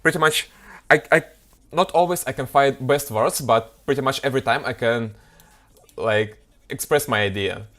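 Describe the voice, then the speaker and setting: A man's voice: mid-range voice, normal speed, a bit bright, faint music behind. A man in casual chat, speaking hesitantly and restarting his sentences as he searches for words. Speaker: developer preparing for a job interview.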